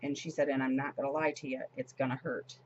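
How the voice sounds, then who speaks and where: A woman's voice: extremely low pitch, flat delivery, fast talker, lo-fi sound, slight background noise. A woman in her forties chatting casually as she decorates her planner, retelling a story with lots of fillers and restarts. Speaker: planner vlogger.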